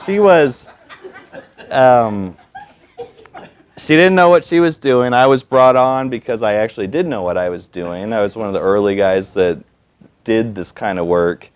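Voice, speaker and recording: A man at a storytelling event, telling a personal story in an animated, self-mocking way and acting out the people he quotes. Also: fairly low pitch, a little slow, clear, resonant tone.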